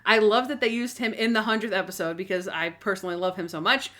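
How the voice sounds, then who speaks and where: A woman's voice: medium pitch, steady tone, quick pace, bright, forceful tone. A woman co-hosting a podcast, chatting casually and gushing like an enthusiastic fan. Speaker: podcast co-host. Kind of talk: casual chat.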